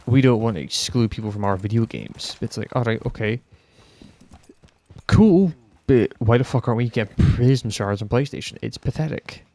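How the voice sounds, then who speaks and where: A young Scottish man with a northern Scottish accent rants casually and heatedly on a podcast, swearing often. His voice is medium-pitched and dark-toned, at a moderate pace.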